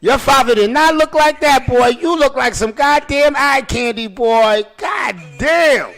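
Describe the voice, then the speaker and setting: Man doing sassy older women, teasing drawl, high gravelly voice. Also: a little slow, fairly bright tone, full character voice. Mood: flirty.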